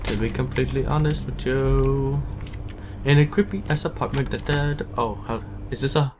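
A man's voice: medium pitch, moderate pace. A man giving casual horror gameplay commentary, jumpy and swearing, taunting enemies as he plays. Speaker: let's play gamer. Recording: keyboard typing noise behind.

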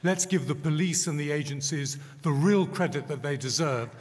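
A man on a debate panel giving measured, emphatic answers. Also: a little high. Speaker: panel speaker. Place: large concert hall. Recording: long hall reverb.

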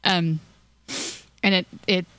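A young woman hosting a let's play casually comments on her gameplay, chatty, hyper and scattered, giggling and cooing at small in-game creatures. Her voice is lowish, bright and forceful, with a flat delivery and slow pace, recorded without room sound.

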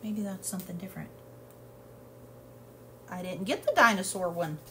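A woman's voice: lowish voice, normal speed, a bit bright, a little hiss or hum. Chatty woman rambling through a haul. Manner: rambling and chatty with many fillers. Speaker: haul vlogger. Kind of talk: casual product haul chat.

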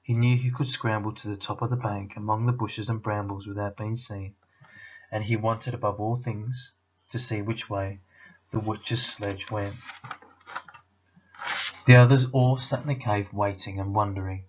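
A man, a teacher, reading a children's novel aloud with expressive storytelling. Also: on the low side, moderate pace, highs cut off.

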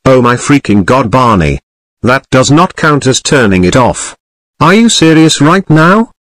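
A man voicing a fed-up computer user in a fan-made cartoon, talking in a flat, deliberate way. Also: medium pitch, slightly rough, no room sound, studio quality, exaggerated voice. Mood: exasperated.

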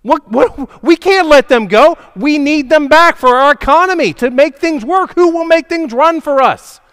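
A man doing a frantic shouting king. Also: lively intonation, big-room sound. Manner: shouting, high and rushed. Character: frantic male king losing his workers.

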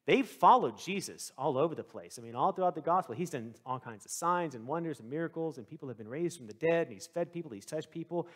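A male pastor preaching a sermon, telling the story with lively swings into the voices of the people in it. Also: fairly high pitch. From Texas.

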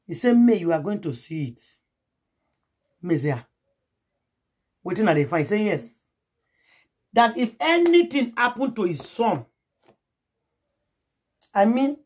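A Nigerian woman with a husky, breathy voice, spinning celebrity gossip for her vlog. Her delivery is dramatic, with quick put-on voices for each person in the story and frequent asides to her audience. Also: medium pitch, darkish tone. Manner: dramatic, acts out the quoted voices, calls on the audience directly.

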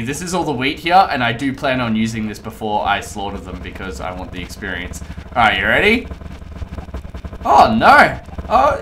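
A man casually commenting on his own gameplay as host, chatty, rambling and excitable. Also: mid-range voice, a little hiss or hum. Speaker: let's play host.

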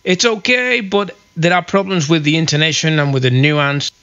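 A man hosting a casual software review, explaining things in a chatty walkthrough. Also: on the high side, fairly even intonation, normal speed, lo-fi sound.

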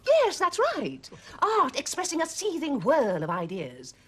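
A theatrical bohemian art teacher gushes in a fairly high voice that swoops widely up and down. She savours every grand word with dramatic flair. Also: huge pitch swings, unhurried, a bit bright, slight background noise, exaggerated voice. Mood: gushing. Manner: gushing, theatrical. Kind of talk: 1970s TV period drama acting.

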